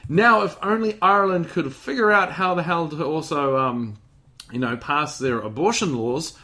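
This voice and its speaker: A man's voice: fairly high pitch, moderate pace, bright, forceful tone. A man hosting a podcast in casual chat, rambling with lots of restarts, buzzing on caffeine. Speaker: podcast host.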